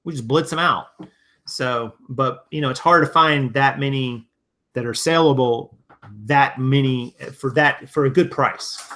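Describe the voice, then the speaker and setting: Hosting a relaxed live stream, a reseller from Virginia chats through viewer comments, rambling and restarting often. He speaks unhurriedly in a mid-range, fairly bright voice.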